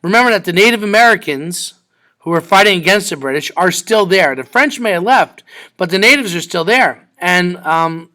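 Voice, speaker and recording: A man's voice: high voice, expressive, moderate pace, bright, forceful tone. A man teaching a history lesson in a conversational way, acting out quoted exchanges between the sides.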